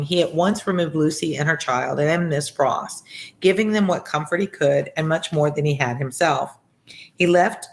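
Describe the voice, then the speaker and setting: A tutor reading a classic novel aloud and breaking off for casual explanations, with frequent fillers. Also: medium pitch. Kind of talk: read-along with commentary.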